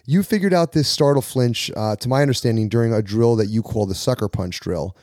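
A man hosting a podcast interview, relaxed, laughing easily and asking follow-up questions. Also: mid-range voice, brisk, no room sound, clean studio sound. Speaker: podcast host.

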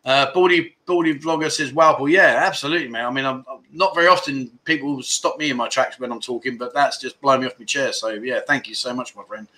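A man's voice: medium pitch, fast talker, few pauses, bright, forceful tone. A man hosting a casual livestream, reading viewer comments aloud and bantering jokily with chatty fillers. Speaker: livestream host.

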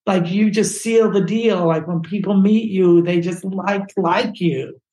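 A man's voice: sits high, steady tone, unhurried, a little mellow, pitched above the performer's own voice. A man voicing a pushy, gushing woman photo agent, with effusive praise, in an echoey room.

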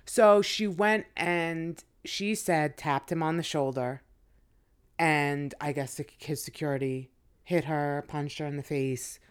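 Laid-back woman with a smooth voice. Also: sits low, slow. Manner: laid-back, chatty storyteller. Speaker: guest co-host. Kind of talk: casual podcast chat.

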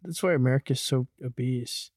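A man's voice: medium pitch, normal speed, darkish tone, no room sound, clean studio sound. A young man co-hosting a podcast, laid-back and agreeable in casual chat. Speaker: podcast co-host.

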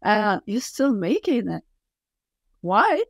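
A woman's voice: mid-range voice, darkish tone, dry recording. A woman in her fifties from Quebec City, speaking English with a French Canadian accent as a guest in a casual interview, blunt and emphatic. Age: 50s. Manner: blunt, emphatic, deliberate phrasing.

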